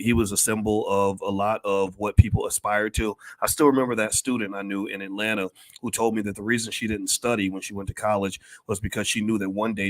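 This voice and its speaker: An older man with a low-pitched voice delivers preachy livestream commentary, repeating his points for emphasis. The sound is dry and close, with no room around it. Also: no room sound. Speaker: commentator and finance educator.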